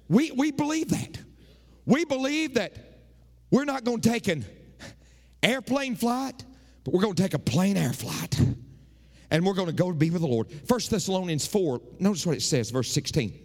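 High-voiced lively preacher. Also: male voice, long reverb tail. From United States. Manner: animated preaching with folksy jokes and repetition. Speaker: pastor. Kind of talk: sermon.

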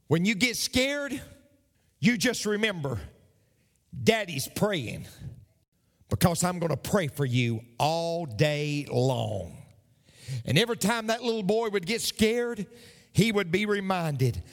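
A male pastor preaches in a high, lively voice that swoops up and down as he leans into each phrase. He takes his time, repeating key lines for emphasis, and the sound rings out with the long reverb of a big hall. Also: takes it slowly, long pauses. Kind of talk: sermon.

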